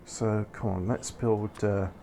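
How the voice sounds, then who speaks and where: Slow and steady in tone, a man with a fairly low, gravelly yet mellow voice gives rambling let's-play commentary on a factory-building game. He corrects himself, drops wry asides, and slight background noise can be heard.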